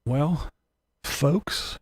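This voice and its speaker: A man's voice: on the high side, drawn-out words, husky, no echo. A man hosting a casual livestream, reading comments aloud and ranting bluntly with profanity and chuckles. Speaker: livestream host.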